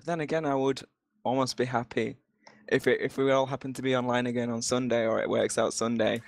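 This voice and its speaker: A man's voice: medium pitch, steady tone, fairly quick, vocal fry, no echo. A man being interviewed after a game match over voice chat, joking and laughing often, with a sore throat.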